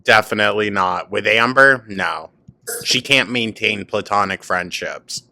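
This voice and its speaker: A man hosting a reaction commentary, cutting in with quick mocking, sarcastic asides. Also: lowish voice, gravelly, pushed and bright, no room sound. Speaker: commentary host.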